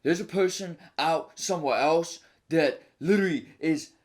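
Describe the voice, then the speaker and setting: A man's voice: a little high, normal speed. A man who works as a cook, a podcast guest, ranting indignantly and swearing in casual talk. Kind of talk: casual conversation.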